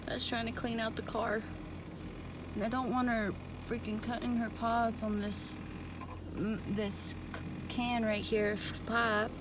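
Slow-talking woman vlogging from a car. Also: a little high, flat delivery. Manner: swears freely, coos soothingly to her dog. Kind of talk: casual vlog chat. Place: parked car. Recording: car noise in the background.

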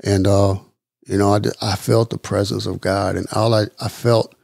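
A middle-aged man from the Midwest of the United States, telling his personal story as a podcast guest in an earnest, halting way, repeating words as he goes. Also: lowish voice, flat delivery, vocal fry, a little mellow, dry recording, clean studio sound. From East Chicago, Indiana. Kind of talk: personal testimony interview.

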